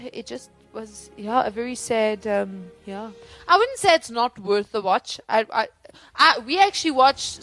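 A woman's voice: fairly high pitch, a bit bright. A woman co-hosting a casual movie talk show, playful and teasing. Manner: playful, quick to laugh and tease. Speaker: podcast co-host. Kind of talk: casual chat.

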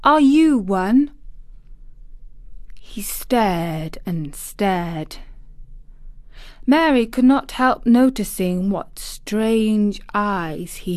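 A woman audiobook narrator delivers scripted narration at a slow, measured pace. Her mid-range voice has a darkish tone, captured in a dry, studio-quality recording.

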